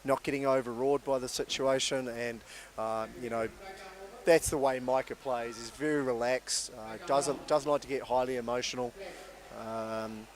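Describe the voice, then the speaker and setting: A man giving live cricket commentary in a relaxed, measured, chatty way. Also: medium pitch.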